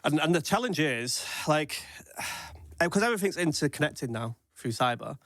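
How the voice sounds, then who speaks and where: A man on a casual podcast, explaining security steps in quick practical lists. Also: a little high, animated, fairly bright tone, no echo, clean studio sound. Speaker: cyber security expert guest.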